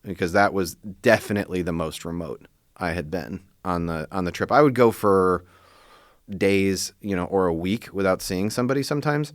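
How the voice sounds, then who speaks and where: Man in his forties, low smooth voice, dry close mic, reflective interview. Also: moderate pace, no room sound. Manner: relaxed, reflective, with many "you know"s. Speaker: interviewee recalling a journey. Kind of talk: casual interview recollection.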